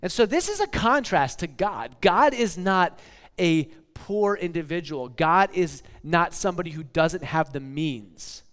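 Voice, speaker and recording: A man's voice: fairly high pitch, expressive, unhurried, fairly bright tone. A man in his forties preaching a casual, conversational sermon, often checking in with "okay?" and "like.". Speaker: pastor. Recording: long hall reverb.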